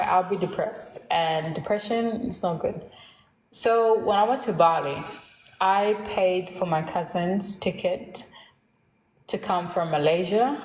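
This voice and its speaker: Animated storytelling woman in echoey room. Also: lowish voice, slight background noise. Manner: animated, laughs at herself, acts out quoted voices. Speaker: host. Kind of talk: casual storytelling chat.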